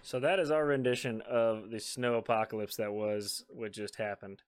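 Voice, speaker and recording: A man co-hosting a podcast, telling family stories in a relaxed chat and laughing along the way. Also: lowish voice, normal speed, clear, resonant tone. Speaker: podcast co-host. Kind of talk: casual storytelling chat.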